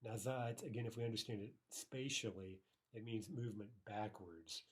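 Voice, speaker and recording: Low-voiced man teaching a language lesson. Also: fairly even intonation, breathy edge. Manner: explanatory, frequent "right?" checks, slow careful Russian repetitions.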